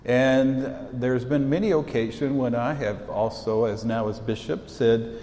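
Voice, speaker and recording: Sixty-something bishop chatting to students, folksy stories, mellow low voice, echoey hall with faint background ambience. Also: male voice, steady tone, unhurried, few pauses, a little hiss or hum. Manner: folksy storytelling, warm asides. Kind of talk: informal address to students.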